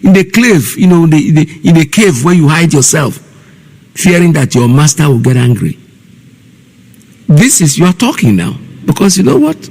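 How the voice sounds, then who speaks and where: A Nigerian-accented man hosts a live online radio show, his voice gravelly with a rough fry. He scolds and mocks as he talks straight at his listeners, and a long reverb trails each phrase. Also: fairly high pitch, sing-song, moderate pace, a little mellow. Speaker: radio host.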